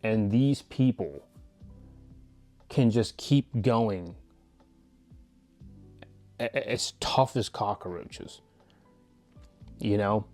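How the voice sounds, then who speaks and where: A man's voice: on the low side, very slow, long pauses, a little mellow, faint music behind. A man giving a blunt, profane motivational monologue as a channel host, rambling with frequent restarts.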